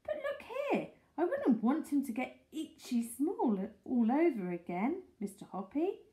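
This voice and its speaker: Doting old lady who squeals with delight, high and swooping all over, a woman puts her on. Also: very animated, measured pace, dark tone. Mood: hesitant. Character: excitable doting older lady, tortoise owner.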